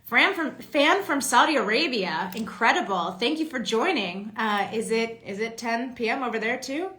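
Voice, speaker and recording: Woman, actress, casual live Q&A chat, greets fans by name, reads comments aloud, bright voice, echoey room. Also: fairly high pitch, expressive, normal speed. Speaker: voice and motion-capture actress hosting a fan signing.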